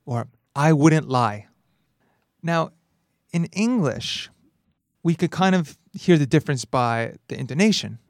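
A man hosting a language lesson podcast, explaining grammar in a lively way, laughing often and acting out dialogue lines. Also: fairly high pitch, a little slow, pauses often, no echo, clean studio sound. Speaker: language teacher and host.

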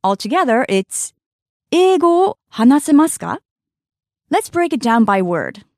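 A woman teaching a scripted language lesson, speaking clearly and carefully, slowing down to sound out words for practice. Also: high voice, sing-song, darkish tone, no room sound, studio quality.

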